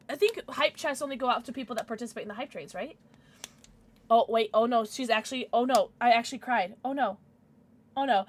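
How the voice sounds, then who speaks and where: A woman's voice: high voice, a bit bright. A young woman livestreaming, chatting casually with her viewers, giddy and emotional, often squealing and laughing.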